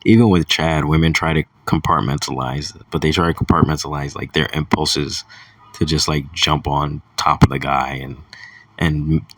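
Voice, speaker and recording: A man's voice: a bass voice, steady tone, moderate pace, a bit bright, no room sound, far from the mic. A young man talking in a crude, rambling casual monologue, chuckling between thoughts. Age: young adult. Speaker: vlogger.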